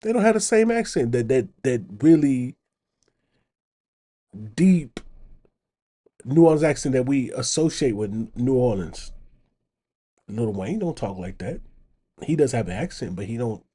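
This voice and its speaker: Man, reaction commentary host, mellow, warm tone, casual talk. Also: mid-range voice, animated, unhurried, long pauses, husky. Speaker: channel host reacting to clips.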